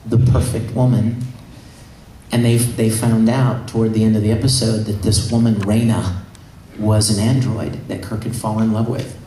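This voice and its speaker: Animated man retelling a story in a hall. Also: lowish voice, far from the mic. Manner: animated, emotional retelling with many restarts. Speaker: convention panel guest. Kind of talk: enthusiastic storytelling. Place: convention panel room. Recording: echoey hall, faint noise.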